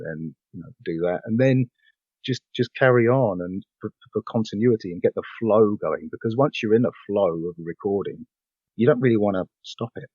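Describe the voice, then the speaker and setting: Husky English man chatting on a podcast. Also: fairly low pitch, warm tone, no room sound, dull audio. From England. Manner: chatty, laughs often, many fillers and restarts. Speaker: voiceover actor guest. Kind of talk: casual podcast chat.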